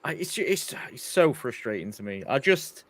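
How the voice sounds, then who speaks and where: A man's voice: medium pitch, sing-song, moderate pace, a bit bright, no echo. A man co-hosting a casual fan chat, blunt and frustrated, swearing now and then.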